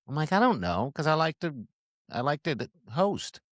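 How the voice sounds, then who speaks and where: A man's voice: on the high side, big pitch swings, moderate pace, fairly bright tone, no echo, clean studio sound. A middle-aged man co-hosting a podcast, chatting casually, rambling with frequent restarts and laughs. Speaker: podcast co-host. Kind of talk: casual chat.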